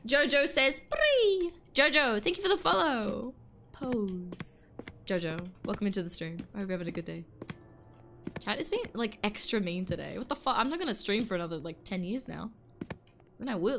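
A woman's voice: lowish voice, fairly bright tone, a little hiss or hum. A woman in her twenties, a streamer chatting casually and playfully with her chat while playing a game, laughing often. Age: 20s. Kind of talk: casual gaming livestream chat.

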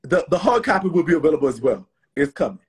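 A man with a Southern US accent hosts a live stream while tipsy, and his rough, husky voice runs high. He swings up and down in pitch, talking in a profane, rambling, animated way. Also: fast talker. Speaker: host. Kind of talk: casual live stream chat.

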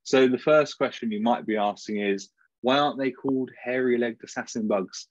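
A man's voice: medium pitch, steady tone, moderate pace, no room sound. Jokey British man giving a talk. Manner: informal and jokey. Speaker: PhD student presenter. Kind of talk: academic conference talk. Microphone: video call. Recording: dull, dry video call audio.

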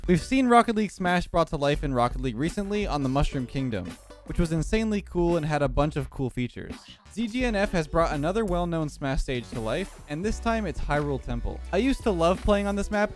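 Excitable young man narrating game play. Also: high-pitched. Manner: excitable, laughing, quick exclamations. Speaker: gaming YouTuber. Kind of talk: gameplay commentary with friends. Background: game music.

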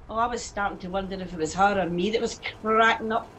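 An actress with a Scottish accent playing a teasing, loud, laughing woman taxi driver in an audio drama. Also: medium pitch, brisk, a little hiss or hum, close to an everyday voice. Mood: mocking.

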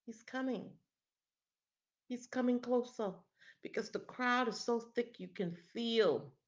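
A woman's voice: a little high, unhurried, dull audio. A woman preaching a dramatic, emphatic sermon and often asking "hmm?" to draw in her listeners.

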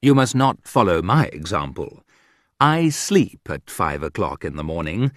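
Male narrator with a lowish voice reading humorous prose, ironic and dry, close and unreverberant. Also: big pitch swings, a little slow, no room sound. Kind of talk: reading a humorous essay aloud.

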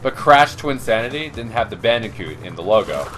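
A man's voice: lowish voice, big pitch swings, fairly quick, a bit bright, faint music behind. A young man hosting a let's play, rambling in casual gaming chat with many restarts and curses. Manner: rambling, lots of restarts and swearing.

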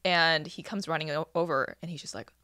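A woman's voice: sits low, a little fast, pushed and bright, no room sound, studio quality. A woman co-hosting a podcast, telling a story in a chatty, wry way with playful quoted lines. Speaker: podcast co-host. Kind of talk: casual chat.

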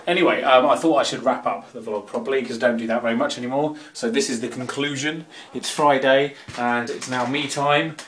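A man's voice: medium pitch, brisk, hardly any pauses, roomy sound. A man closes out his video blog in a loose, offhand way, stumbling through fillers as he goes. The room rings around his voice. A faint hiss runs underneath. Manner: relaxed, lots of ums and uhs. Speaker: vlogger. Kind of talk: casual vlog talk to camera.

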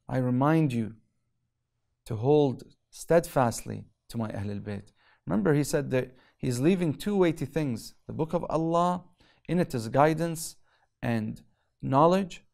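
A man with a gravelly, creaky edge to his voice teaches a theology lesson. He recites Arabic passages quickly and then explains them in English, leaning on emphasis and pauses. His pitch sits in an ordinary middle range. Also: animated, a little mellow. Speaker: religious lecturer.

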